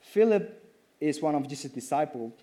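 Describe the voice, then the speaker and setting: A man preaching a sermon in church, emphatic and animated, repeating phrases as he builds his points. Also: fairly high pitch, normal speed.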